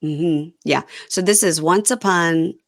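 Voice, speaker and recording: A woman's voice: lowish voice, takes it slowly. A woman hosting a podcast, chatting casually and rambling through a recap with frequent laughs. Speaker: podcast host.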